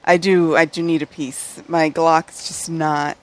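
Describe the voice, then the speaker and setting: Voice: mid-range voice, little pitch movement, unhurried, natural voice, poor audio. A game player voicing a brash female undercover cop in a tabletop game, teasing and mixing Spanish words into her speech. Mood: blunt.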